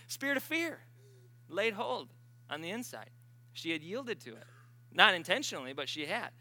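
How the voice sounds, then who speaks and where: A man preaching a sermon in a conversational, emphatic way, swinging between loud and hushed and acting out the voices he quotes. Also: high-pitched, sing-song, a little fast, no echo. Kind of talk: sermon with storytelling.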